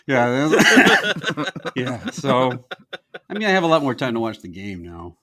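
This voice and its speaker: Lively-pitched joking podcast man. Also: a little slow. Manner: rambling, jokey storytelling with lots of laughs. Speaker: podcast co-host. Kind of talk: casual comedic chat.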